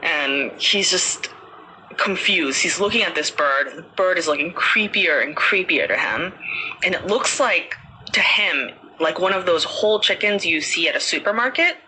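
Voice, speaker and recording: A woman's voice: fairly low pitch, animated, normal speed, bright, forceful tone, a little hiss or hum, rough recording. A woman podcast host casually telling a ghost story, chatty with many fillers.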